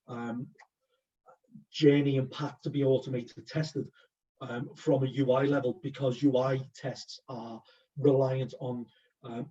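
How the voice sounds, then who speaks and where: Croaky male guest speaker, casual and halting, dark tone, distant muffled call audio. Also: medium pitch. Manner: casual, many ums, self-correcting. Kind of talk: webinar talk. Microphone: video call.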